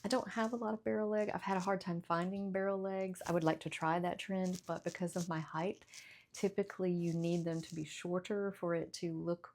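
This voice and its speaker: Giggly, gushing woman with a low voice. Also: fairly even intonation, a little fast, slight background noise. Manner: gushing and giggly, drifts into soft whispers when showing details. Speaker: fashion vlogger. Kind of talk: casual haul vlog.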